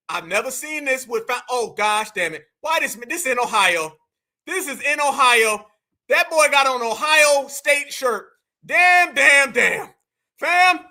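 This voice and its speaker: A man hosting a live reaction show, talking in a loud, mocking, animated way and often shouting. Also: very high voice. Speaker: online show host.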